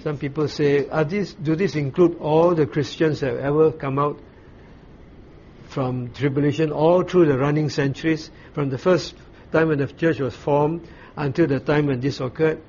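A man giving a Bible study, explaining scripture in a measured way with frequent pauses and restarts. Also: on the high side, fairly even intonation, darkish tone. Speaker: Bible teacher. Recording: slightly dull recording with faint ambient noise.

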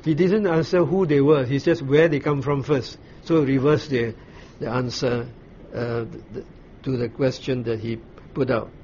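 A man leads a Bible study, walking through a passage in a measured, explanatory way, pausing and restarting as he thinks. His mid-pitched voice comes through a slightly dull recording with faint background noise. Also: fairly even intonation, darkish tone. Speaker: Bible teacher.

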